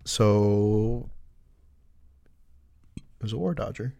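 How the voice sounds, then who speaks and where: A man's voice: lowish voice, extremely slow, creaky, dark tone, clean tone. A man co-hosting a podcast, bantering and joking with a profane edge. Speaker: podcast co-host.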